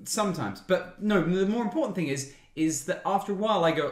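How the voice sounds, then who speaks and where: A young man co-hosting a casual podcast, playful and quick to break into joke accents. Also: sits high, expressive, slight background noise. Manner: playful, jumps into joke accents and loud outbursts. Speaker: podcast co-host. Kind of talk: casual chat full of put-on accents. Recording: echoey room.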